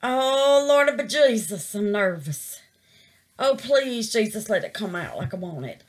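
A middle-aged woman chats her way through a resin craft project in a casual crafting vlog, calling her viewers babies and exclaiming to the Lord. Her voice is fairly high with lively intonation and a measured pace, and there's slight background noise.

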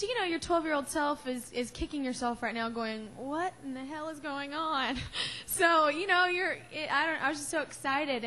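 A woman's voice: high-pitched, bright, forceful tone. A young woman answering press questions backstage, emotional and crying, laughing often and rambling with fillers. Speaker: award-winning singer at press conference.

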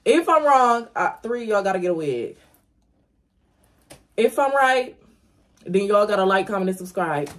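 A woman's voice: medium pitch, big pitch swings, normal speed, long pauses. A young woman, chatting casually to viewers in her vlog from home, talking straight to the camera. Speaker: vlogger. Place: at home, indoors. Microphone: camera on a stand.

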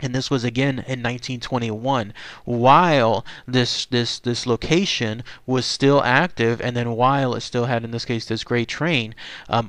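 A man's voice: medium pitch, fairly bright tone, clear, resonant tone, no room sound. A man, a channel host, casually telling a ghost story in a loose, rambling way with many fillers and restarts. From Texas. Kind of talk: casual unscripted storytelling monologue.

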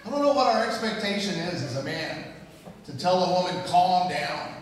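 A middle-aged male guest preacher tells a funny story at his own expense, his voice sitting a bit high for a man. He sounds far from the microphone, and the long reverb of a large sanctuary trails after each phrase. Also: very animated, brisk, a little hiss or hum. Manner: humorous, self-mocking storytelling. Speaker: guest speaker. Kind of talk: sermon storytelling. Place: church sanctuary. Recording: echoey hall, distant mic.

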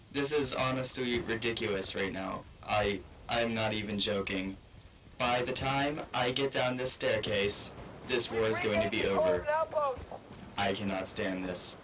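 A young man rambles through a comic inner monologue, jumpy and foul-mouthed, flipping quickly into panic. He sits back from the mic, and a heavy wash of loud game noise and rumbling vehicles nearly swallows his voice. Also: far from the mic. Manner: excitable, profane and panicky. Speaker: machinima narrator.

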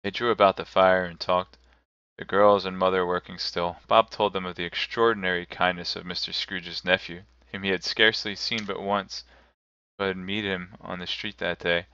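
A man streaming a live narration of a classic novel, telling it in a measured, steady way. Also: deep voice, clear, resonant tone, no room sound, lo-fi sound. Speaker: streamer reading aloud.

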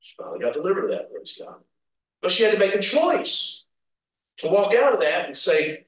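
Man, preacher, folksy storytelling, chuckles, fairly high voice, booming church echo. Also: wildly swooping pitch, normal speed, fairly bright tone. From Kentucky, USA. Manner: folksy, chuckling, calls out amens. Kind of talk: informal sermon with personal stories. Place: church sanctuary. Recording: echoey church hall, distant mic.

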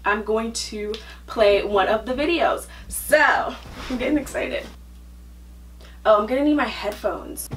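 A young woman in her twenties, vlogging casually and getting hyped as she reacts. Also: medium pitch. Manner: excitable, hyped, slangy. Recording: distant voice over loud music and crowd.

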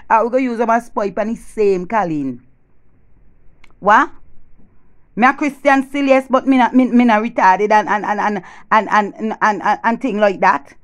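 A woman with a Jamaican accent and a fairly high voice acts out a funny phone call where only her side is heard. Her gossip is lively, shifting between loud bragging and quiet whispering.

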